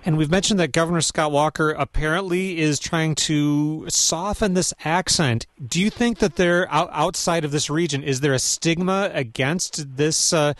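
A man's voice: on the high side, moderate pace, hardly any pauses, a bit bright, dry recording. A man with an Upper Midwest American accent hosting a call-in radio show, conversational and hesitant with fillers. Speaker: radio talk show host. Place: radio studio.

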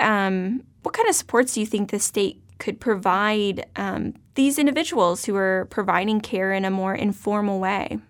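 A woman hosting an interview, asking questions with many hesitations and fillers. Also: mid-range voice. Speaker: interview host. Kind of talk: hosted interview.

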